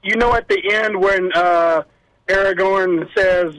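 Male caller, high bright voice, friendly and eager. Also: steady tone, slow, no echo, rough recording. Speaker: radio show caller. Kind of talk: casual call-in chat.

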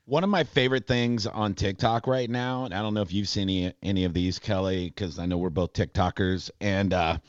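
A man's voice: lowish voice, no echo. A man in his forties hosting a radio talk show, telling stories with lots of fillers. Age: 40s. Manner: animated storytelling, frequent fillers, laughs. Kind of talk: casual talk radio banter. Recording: dull dry studio sound.

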